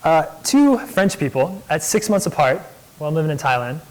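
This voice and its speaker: A young man gives a guest lecture in a loose, storytelling way, talking enthusiastically and peppering his sentences with casual fillers. His voice sits a bit higher than most men's. The tone is that of a relaxed entrepreneur speaking to a room of students. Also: fairly quick, rough recording. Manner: enthusiastic, chatty, many "like" fillers. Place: lecture hall.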